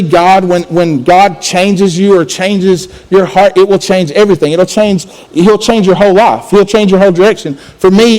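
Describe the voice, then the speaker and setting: A man's voice: high voice, a little mellow, low-quality recording. A man preaching a conversational sermon as a student pastor, often restarting and repeating words.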